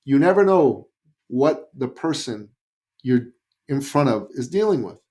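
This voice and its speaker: Animated Canadian man telling a story. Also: medium pitch, measured pace. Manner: animated, acts out quoted voices. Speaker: guest. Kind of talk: storytelling in a podcast interview.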